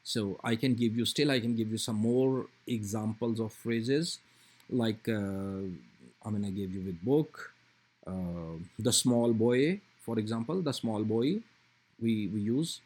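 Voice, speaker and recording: A man's voice: fairly low pitch, a little slow, a little mellow, husky. A man lecturing on grammar for a recorded lecture, explaining patiently with fillers and repeated examples.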